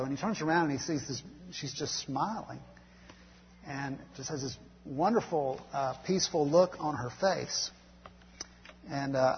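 A man preaching a sermon and telling a story, speaking softly and haltingly with fillers, growing quieter on tender lines. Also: mid-range voice. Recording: dull hall sound with faint hum.

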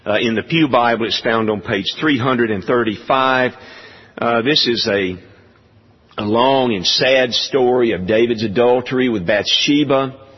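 Slow, husky-voiced preacher man. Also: mid-range voice, big-room sound, highs cut off. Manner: slow, measured preaching with frequent "uh" pauses. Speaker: pastor. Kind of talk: sermon.

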